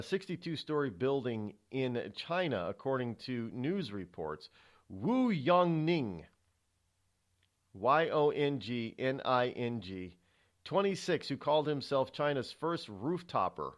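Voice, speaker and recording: A middle-aged man hosting his own radio show, talking solo in a chatty, digressive way, often restarting and repeating words as he goes. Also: medium pitch. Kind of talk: rambling solo talk-radio monologue.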